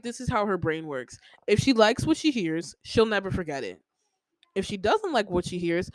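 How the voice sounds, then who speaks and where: A young woman talks through a casual podcast monologue at a middle pitch, circling back and repeating herself with many fillers. The sound is dry, with no room echo. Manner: venting, heavy use of "like" fillers, repeats herself. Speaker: podcast host.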